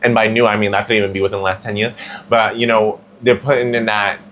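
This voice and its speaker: A man's voice: fairly low pitch, little pitch movement, quick pace, a bit bright, a little hiss or hum. Chatty slangy man giving a tarot reading. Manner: chatty, slangy, full of "like" fillers. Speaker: tarot reader. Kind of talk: casual tarot reading monologue.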